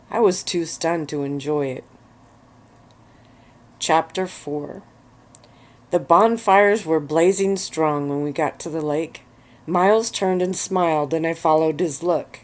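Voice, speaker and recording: Casting: woman with a low voice, unhurried ASMR reading of a story from her bed. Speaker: narrator. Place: bed with pillows at home.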